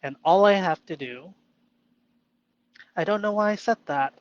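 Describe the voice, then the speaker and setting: Halting, self-questioning man, slow and lo-fi. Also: sits high. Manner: playfully argues with himself in a mock inner voice. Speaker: vlogger reflecting on improv. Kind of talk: solo reflective monologue.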